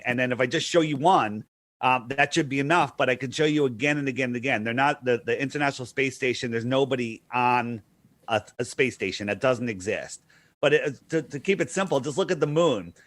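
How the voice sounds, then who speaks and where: A man's voice: medium pitch, brisk, fairly bright tone, dry recording. A man on a talk show, earnestly explaining his view step by step in casual discussion. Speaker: guest.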